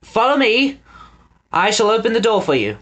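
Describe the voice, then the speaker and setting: Man doing a high, pompous aristocrat. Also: expressive, normal speed, fairly bright tone. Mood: commanding. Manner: pompous, theatrical exclamations. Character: pompous aristocratic father, frantic and blustering.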